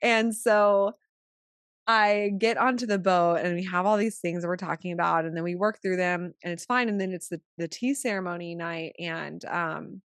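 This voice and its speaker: A woman's voice: lowish voice, moderate pace, smooth, no room sound. Chatty woman, dry close podcast sound. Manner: chatty, fills speech with "like"; animated, shifting from hushed to excited. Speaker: podcast co-host; new mother. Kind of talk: casual storytelling.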